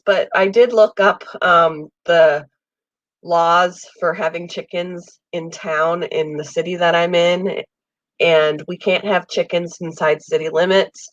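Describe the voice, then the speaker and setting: This pet channel host, a woman fighting a summer cold, talks slowly in a fairly low, fairly even voice during a casual live chat with viewers. She rambles amiably with many ums and the odd cough, in a home room with an air conditioner. The recording is dry and lo-fi.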